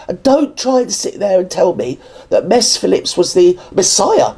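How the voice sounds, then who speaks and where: A woman's voice: medium pitch, very animated, moderate pace, few pauses, warm tone. A British woman hosting a reaction video, ranting with sarcasm and indignation and mocking others in put-on voices. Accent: British English. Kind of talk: ranting commentary. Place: indoors, standing.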